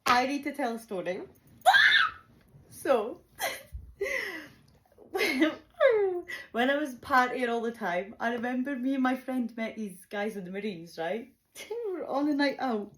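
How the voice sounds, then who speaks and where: A young woman telling a chaotic personal story, animated and swearing freely, laughing often. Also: sits high, slow, pauses often. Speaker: vlogger. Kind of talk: casual storytime.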